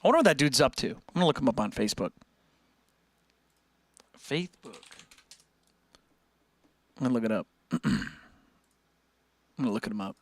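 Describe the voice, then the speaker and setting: Animated young man chatting on a livestream. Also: medium pitch, dry recording. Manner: rambling, joking, quick to laugh. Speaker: music livestream host. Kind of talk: casual chat with live chat.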